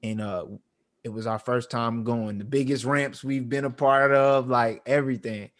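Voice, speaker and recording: A man's voice: medium pitch, steady tone, normal speed. A man in his thirties, co-hosting a podcast, telling a heartfelt family story in a slangy, emotional way full of fillers. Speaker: podcast co-host. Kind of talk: casual storytelling chat.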